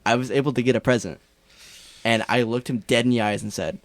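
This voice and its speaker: A man's voice: medium pitch, fairly even intonation, a little fast, no room sound. A man co-hosting a podcast, talking in a blunt, profane, joking way. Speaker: podcast co-host. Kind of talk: casual chat.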